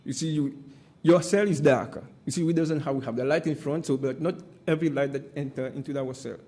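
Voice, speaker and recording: A witness at a public hearing speaks English. His voice is dark and warm, and he talks haltingly, filling pauses with "uh". He keeps pressing his point with an insistent "my friend". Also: medium pitch, steady tone. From Seychelles. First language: Seychellois Creole. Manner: halting, frequent "uh" fillers, insistent repeated "my friend". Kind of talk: testimony at a hearing.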